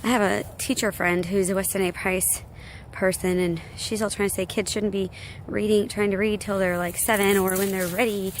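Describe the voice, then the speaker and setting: A young American woman vlogs on a walk outside, ranting in a loose, filler-laden way. Her voice sits at an ordinary pitch, with a faint hum of outdoor noise behind her. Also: rough recording. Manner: ranty, filler-heavy, talks to her dog. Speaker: vlogger. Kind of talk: casual ranting vlog. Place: outdoors on a hike.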